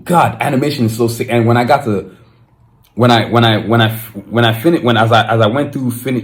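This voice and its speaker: A young man hosting his own podcast, talking casually and excitedly, with slang and frequent restarts. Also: fairly low pitch. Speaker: podcast host. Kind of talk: casual solo podcast monologue.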